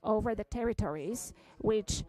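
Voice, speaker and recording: A woman giving a simultaneous interpretation at a press conference, halting, with frequent fillers and restarts. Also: mid-range voice, warm tone, low-quality recording.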